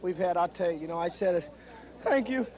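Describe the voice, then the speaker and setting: A hoarse ballplayer speaks in an earnest, rambling rush after a win. His voice sits a bit high, and he talks fast. A loud crowd fills this old TV broadcast recording. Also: little pitch movement, poor audio. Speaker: ballplayer interviewed after winning. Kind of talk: postgame TV interview. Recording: 1970s TV broadcast with crowd noise.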